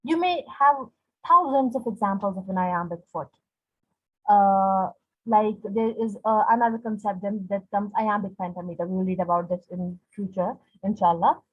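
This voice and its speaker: Husky woman teaching with exaggerated stress. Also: mid-range voice. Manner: explains step by step, repeating example words with exaggerated stress. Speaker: poetry teacher. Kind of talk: explanatory lesson. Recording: dull lo-fi recording.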